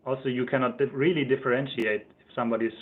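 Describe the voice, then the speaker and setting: A German-accented man hosts a casual livestream, rambling from one thought to the next and chuckling as he goes. His voice sits at an ordinary middle pitch. The sound comes through thin and tinny, as if over a phone line. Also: fairly even intonation, rapid-fire. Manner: chatty, rambling, laughs often, reads out chat comments. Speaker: livestream host.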